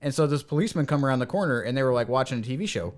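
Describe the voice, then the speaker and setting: An American man with a mid-range voice talks very fast as a podcast co-host in casual chat. He tells stories with animation, acting out the voices of the people in them.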